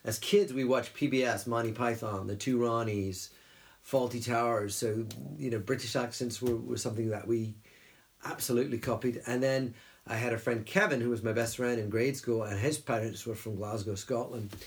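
A middle-aged man telling stories from his working life in an easygoing interview. He talks in a loose, rambling way and keeps breaking into short impressions of people. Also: medium pitch. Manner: animated storyteller who slips into quick character voices. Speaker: guest voice actor. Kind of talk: casual interview storytelling.

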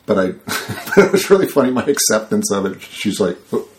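A man in a casual interview, telling a rambling, animated story and acting out the people he quotes. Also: fairly low pitch, normal speed, slight background noise. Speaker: guest.

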